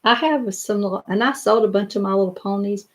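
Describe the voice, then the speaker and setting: A woman's voice: medium pitch, fairly quick. Chatty older woman on a live stream. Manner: chatty and rambling, with many fillers and restarts. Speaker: doll collector hosting a live stream. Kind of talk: casual live-stream chat, answering viewer comments. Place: home office lined with doll showcases.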